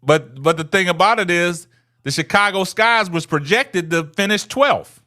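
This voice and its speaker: Sitting high in pitch, this man's voice is animated and sharp, delivered at normal speed. He's hosting a casual livestream, talking to chat viewers, taunting them, repeating himself, and capping many phrases with "man."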